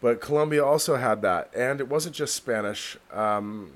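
A man's voice: mid-range voice, normal speed. A man hosting a casual podcast chat, rambling and heavy on fillers as he tells stories. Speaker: podcast host. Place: New York City.

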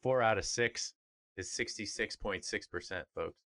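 A man's voice: fairly low pitch, moderate pace, sharp tone. A man co-hosting a podcast, chatting casually about sports in an upbeat, rambling way with fillers. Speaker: podcast co-host.

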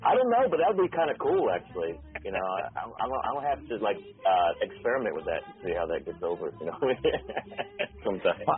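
A man co-hosting a podcast, plugging his shows in a relaxed, halting way with many fillers. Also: fairly low pitch, faint music behind. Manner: laid-back, halting, with fillers. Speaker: co-host. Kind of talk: casual promo chat. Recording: tinny phone-like sound.

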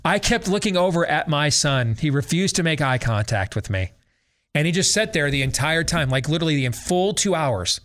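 A man's voice: fairly high pitch, sing-song, moderate pace, fairly bright tone. Ranting middle-aged male talk host. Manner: sarcastic, ranting, mimics voices. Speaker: radio talk show host. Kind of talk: opinionated casual monologue.

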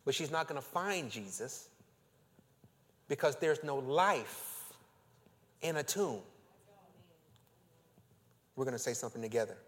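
A male pastor preaching a sermon, leading his congregation in call and response with slow, drawn-out emphasis. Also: medium pitch, expressive, fairly bright tone. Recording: long reverb of a church hall.

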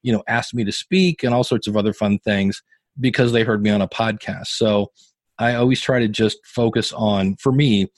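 A man in his fifties, a podcasting guest, telling animated, self-deprecating stories in a casual interview. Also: lowish voice, moderate pace, dry recording. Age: 50s.

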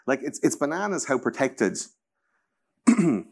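A man's voice: mid-range voice, very animated, a little slow, a little mellow. Irish man in his thirties, casual host, rambling and profane. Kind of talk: casual chat.

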